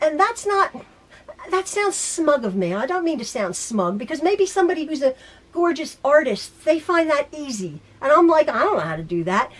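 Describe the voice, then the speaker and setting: High-pitched chatty lady rambling on from her sewing room, back hurting. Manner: rambling, chatty, with many restarts. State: in back pain. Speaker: quilting YouTuber. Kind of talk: casual chat to camera.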